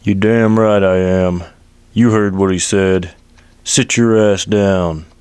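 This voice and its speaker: Un uomo che fa un cowboy baffuto e brusco. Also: male voice, sits low, steady tone, slow pace, a little mellow, clear, resonant tone, no room sound. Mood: gruff. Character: grinning, mustached cowboy enforcer, blunt.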